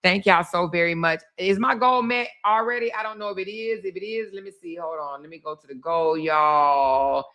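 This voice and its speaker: Bright-voiced sassy woman streamer. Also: lowish voice, steady tone, moderate pace, hardly any pauses. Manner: sassy, teasing, laughs often. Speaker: live-stream host. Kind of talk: casual live-stream commentary.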